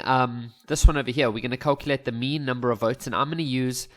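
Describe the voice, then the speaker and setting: A man talking through a maths exam paper in a relaxed, chatty way, thinking aloud and adding jokes. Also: medium pitch, fast talker. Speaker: maths teacher. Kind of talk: casual explanatory lesson voice-over.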